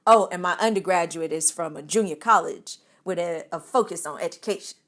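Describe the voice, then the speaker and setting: A woman voicing a self-assured man with a very deep voice, speaking slowly and without hesitation. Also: fairly bright tone. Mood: confident. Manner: slow, self-assured, unhesitating.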